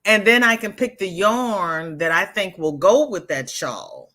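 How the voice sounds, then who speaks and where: A woman's voice: medium pitch, expressive, measured pace, sharp tone. An older woman hosting a live crochet stream, chatting casually with viewers in a sassy, emphatic way, often repeating herself. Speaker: livestream host.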